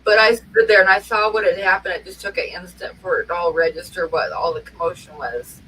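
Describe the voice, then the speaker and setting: Brisk and steady, with a sharp tone and fairly low pitch, this Oregon co-host in middle age spins rambling stories during relaxed talk and frequently laughs. The recording uses a distant mic and carries faint noise.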